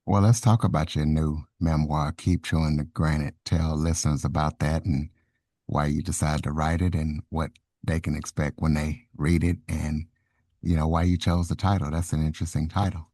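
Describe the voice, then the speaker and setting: A man hosting a podcast asks his guest steady, conversational questions. His voice is extremely deep and held almost level. The sound is dry and close. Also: moderate pace, dry recording. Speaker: podcast host. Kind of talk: interview questions.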